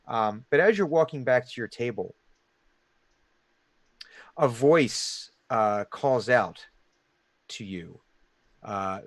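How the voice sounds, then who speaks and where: A man's voice: medium pitch, a bit bright, dry recording. A man running a tabletop game as game master, narrating in a loose, rambling way with many fillers.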